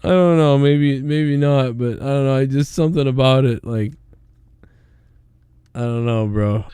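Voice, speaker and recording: A man's voice: medium pitch, a little slow, dark tone, clear, resonant tone, no echo. A man hosting a podcast, chatting loosely with lots of swearing and laughing. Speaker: podcast host. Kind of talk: casual podcast banter.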